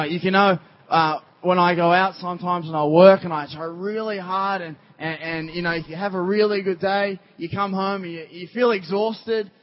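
A man preaching a sermon in a rambling, conversational way, full of fillers. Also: high-pitched. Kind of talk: sermon storytelling. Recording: dull lo-fi recording.

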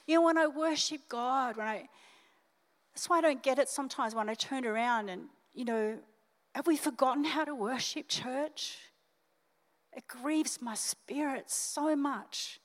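Older Australian woman pastor, high voice, lively sermon in a reverberant church hall. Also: measured pace. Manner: animated, emotional, talks straight to the congregation. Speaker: senior pastor.

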